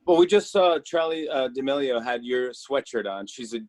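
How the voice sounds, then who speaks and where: A man's voice: medium pitch, animated, normal speed, a little mellow, no echo. A man hosting a talk show interview, gushing with enthusiasm and often restarting his sentences.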